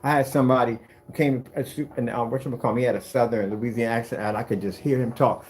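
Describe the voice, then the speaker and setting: A man demonstrating projector screen paint in a combative, animated way, talking straight to his critics. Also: medium pitch, quick pace. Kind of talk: product demonstration rant.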